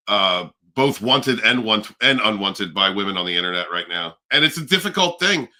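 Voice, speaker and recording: Man, livestream host, casual chat, very bright and tense voice, lively pitch, swears and rambles. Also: fast talker, few pauses. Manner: animated, profane, rambling with restarts.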